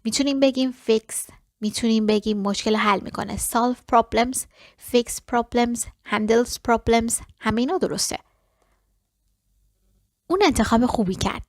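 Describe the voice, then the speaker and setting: Woman, English lesson, fairly high voice, slow deliberate repetition, dry close sound. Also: dry recording. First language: Persian. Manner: repeats English phrases slowly and deliberately after quick explanations. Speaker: English teacher. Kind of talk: language lesson.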